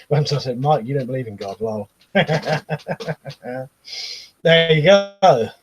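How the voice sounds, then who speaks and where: A British man hosting a casual live stream, reading out viewer comments and chatting with a laugh, often trailing off into quiet asides. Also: medium pitch, expressive, takes it slowly, a little hiss or hum, low-quality recording. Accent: British English. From Britain.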